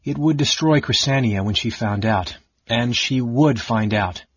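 A man reading an audiobook, voicing a cold, sardonic male mage who speaks softly and evenly. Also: medium pitch, breathy edge, no room sound, lo-fi sound. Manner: soft, measured, icy.

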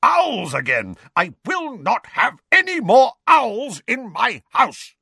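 A man's voice: fairly high pitch, wildly swooping pitch, moderate pace, sharp tone, husky, dry recording, studio quality, voice pushed up, heavily acted. A man voicing a blustering, bullying middle-aged uncle in a storybook reading. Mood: blustering, angry. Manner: blustering, bellowing.

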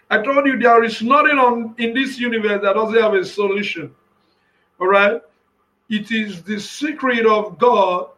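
A man preaching an impassioned sermon, breaking into shouted bursts and often repeating and restarting his phrases. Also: high-pitched, steady tone, measured pace, pauses often, poor audio.

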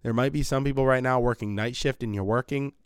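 A man's voice: medium pitch, fast, clear, resonant tone, dry recording, clean studio sound. Blunt, rambling man on a podcast. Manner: rambling, blunt, profane, animated. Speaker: podcast host. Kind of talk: casual monologue. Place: home basement.

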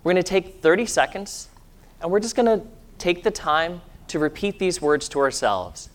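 Male pastor, slightly higher voice, calm sermon delivery that drops to a hushed tone for meditation. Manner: calm, slows to a soft hushed voice when leading meditation. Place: church sanctuary.

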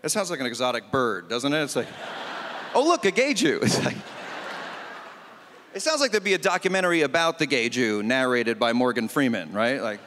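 A man doing a stand-up comedy set on a festival stage, animated and punchy with mock exasperation. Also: medium pitch, normal speed, pauses often, big-room sound, slight background noise.

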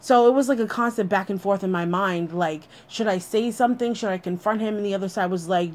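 A woman's voice: medium pitch, brisk, few pauses, a little mellow. A woman telling a personal story in a blunt, candid way, swearing freely as she talks.

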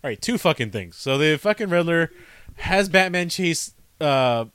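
A man's voice: on the high side, moderate pace, clear, resonant tone. A man co-hosting a movie podcast, ranting and swearing as he picks the film apart in casual chat. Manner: ranting, heavy swearing, animated. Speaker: podcast co-host.

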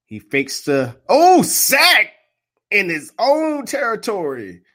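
A man doing casual live play-by-play of a football game, trash-talking and laughing, swinging from muttered asides to loud outbursts. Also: high voice, huge pitch swings, slow. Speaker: live sports commentator and streamer.

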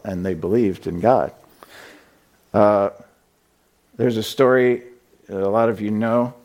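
A man's voice: fairly low pitch, a little mellow. A man preaching a sermon in a conversational, storytelling way, with frequent fillers. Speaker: pastor. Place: church sanctuary.

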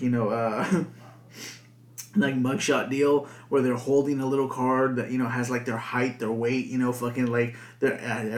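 Rambling, foul-mouthed male podcaster. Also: medium pitch. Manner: rambling, heavy swearing and filler words. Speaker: podcast host. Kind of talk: casual podcast monologue. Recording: echoey room.

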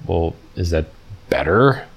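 This livestream host has a low, gravelly, husky voice and speaks slowly and expressively. He rambles along in a mocking way, reading from his screen and talking with people in chat.

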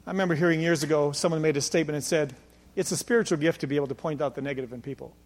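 High-voiced man preaching emphatically. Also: very fast. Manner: emphatic, rising to near-shouting at peaks; repeats "can I tell you" rhetorically. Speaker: pastor. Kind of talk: sermon.

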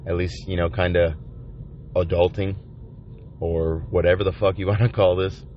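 Man, low voice, profane halting vlog confession from a van, dull lo-fi sound. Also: level tone, slight background noise. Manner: profane, halting, with many restarts. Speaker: vlogger. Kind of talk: rambling confessional monologue. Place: inside a van by the ocean. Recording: dull lo-fi recording.

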